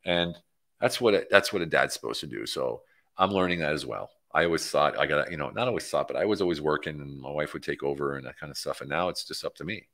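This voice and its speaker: A middle-aged man, a coach hosting a livestream, chatting casually and excitedly with viewers and rambling from topic to topic. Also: very deep voice, quick pace. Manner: excitable, rambling, hypes his program, jumps between topics. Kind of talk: casual livestream chat, reading out viewer comments.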